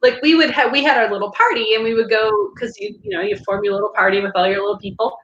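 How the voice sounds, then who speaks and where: A woman's voice: a little high, expressive, fast, a bit bright, muffled recording, slight background noise. A woman co-hosting a casual chat show, talking loosely with many restarts and laughs. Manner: chatty, laughing, lots of fillers and restarts. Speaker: podcast co-host. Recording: echoey room.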